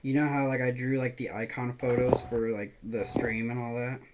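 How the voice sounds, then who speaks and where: A man's voice: mid-range voice, flat delivery, moderate pace, very noisy. A young man chatting casually as podcast co-host, telling a story with lots of swearing and filler words. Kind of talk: casual chat.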